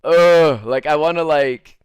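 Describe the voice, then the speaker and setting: A man's voice: mid-range voice, animated, normal speed, fairly bright tone, clear, resonant tone, no echo. A young man telling a rambling story in casual chat, full of fillers and swearing, laughing at the funny parts. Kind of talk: casual storytelling over gameplay.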